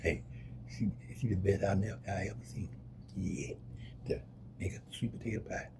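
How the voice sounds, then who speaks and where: A man, the host's husband, tastes the food with her in a casual kitchen chat, speaking quietly and in a low-key way. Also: fairly even intonation, normal speed, creaky, background noise. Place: home kitchen.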